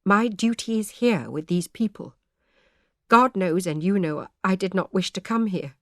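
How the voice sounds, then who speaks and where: A woman's voice: mid-range voice, lively intonation, unhurried, dry recording, clean studio sound. A woman reading the lines of a troubled, devout male parson in grave, formal old speech.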